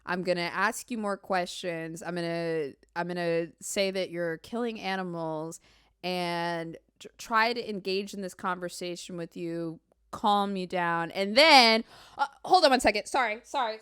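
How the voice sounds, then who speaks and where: Bright-voiced woman reacting animatedly. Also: on the low side, unhurried, smooth, no room sound, studio quality. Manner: animated, emphatic, sarcastic asides. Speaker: commentary streamer host. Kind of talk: reaction commentary.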